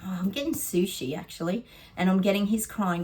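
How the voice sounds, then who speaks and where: A woman's voice: medium pitch, moderate pace, a little mellow, husky. A middle-aged Australian woman, a psychic giving casual predictions, chatty and sarcastic, often laughing.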